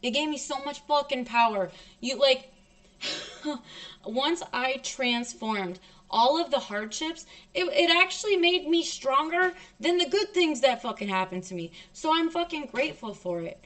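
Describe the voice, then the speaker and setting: A young woman streamer tells a personal story in casual talk, blunt and full of swearing. She is emotional and emphatic, and she pushes hard on her words. Her voice sits a little high for a woman. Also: animated, a little slow, a bit bright.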